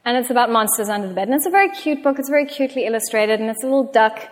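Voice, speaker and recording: A woman's voice: on the high side, lively intonation, racing. A woman giving a public talk, telling chatty, self-mocking anecdotes to an audience. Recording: long hall reverb.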